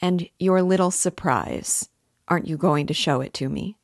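A woman reading the part of a sardonic young man under suspicion, measured and sarcastic. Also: fairly low pitch, no echo, clean studio sound.

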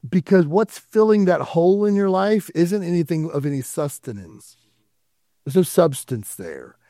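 Man, pastor, conversational sermon, mellow tone, dry sound. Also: a little high, animated, moderate pace, dry recording. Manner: conversational preaching with asides and quoted dialogue. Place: church sanctuary.

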